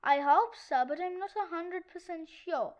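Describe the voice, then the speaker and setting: A woman's voice: very high voice, measured pace, highs cut off. A young adult woman reading a children's comic book aloud, switching between the voices of many kid characters. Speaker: read-aloud narrator.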